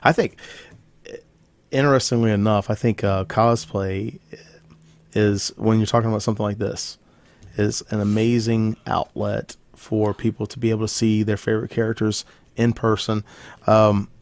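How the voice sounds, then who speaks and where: Gravelly low-voiced male host. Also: little pitch movement, moderate pace, darkish tone, dry recording. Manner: easygoing, many restarts and fillers. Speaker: podcast host. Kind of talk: casual interview chat.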